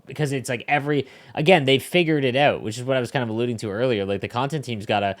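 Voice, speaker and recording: A man's voice: medium pitch, fast. A man co-hosting a gaming podcast, rambling in casual chat and talking over the others. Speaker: podcast co-host.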